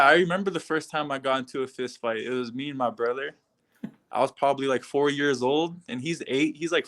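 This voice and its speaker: A young Canadian fighter with an average, middle-pitched voice answers interview questions over a video call. He is easygoing and laid-back, giving casual answers and letting out soft laughs now and then.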